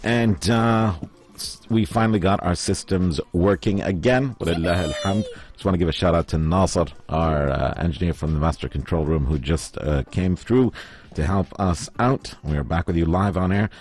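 A deep, slightly mellow male voice at normal speed hosts a live morning show from the radio studio. He has a slight lisp, chats casually, and reads out messages from listeners into a studio mic.

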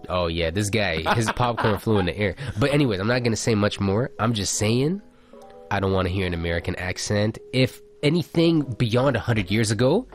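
A man's voice: lowish voice, lively intonation, brisk, soft background music. A man co-hosting a casual podcast chat, joking and reading out listener messages. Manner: laid-back, joking, reads out listener messages. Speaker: podcast co-host.

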